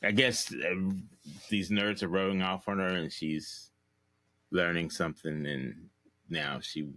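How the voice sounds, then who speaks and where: A man's voice: deep voice, steady tone, measured pace, pushed and bright, no echo. A man co-hosting a casual chat about a TV episode, laughing easily and restarting his sentences. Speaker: podcast co-host.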